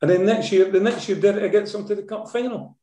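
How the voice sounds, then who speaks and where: A Scottish man, a former football manager, telling anecdotes in an interview, lively and often tagging his sentences with "eh?". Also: sits high, fast, roomy sound. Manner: lively storyteller, tags sentences with "eh?".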